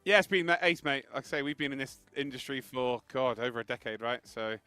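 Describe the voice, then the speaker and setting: A man's voice: medium pitch, animated, a little fast, bright, forceful tone, clear, resonant tone, dry recording, faint music behind. A man co-commentating an esports broadcast, loose and rambling, laughing between thoughts.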